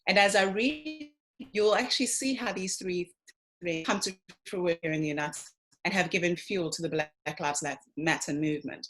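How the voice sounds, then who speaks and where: Her voice sits fairly low and moves at a moderate pace over a rough recording. This South African woman gives an online lecture with lively emphasis, addressing the audience directly as ladies and gents.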